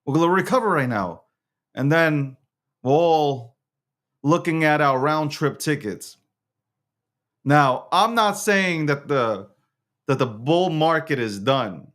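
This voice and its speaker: A man talks casually to his audience about the markets, his voice on the higher side and leaping all over the place. He is slangy and swears freely, and he keeps dissolving into giggles he can't hold back. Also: lively intonation, slow pace, pauses often, fairly bright tone. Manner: keeps breaking into giggling fits. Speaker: host of a crypto news show. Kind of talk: casual monologue to camera.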